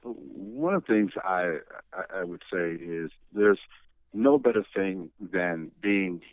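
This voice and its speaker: A man's voice: deep voice, lively intonation, slow, no room sound. Middle-aged guy giving pep-talk answers, tinny phone sound, dry. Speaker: guest. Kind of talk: conversational interview.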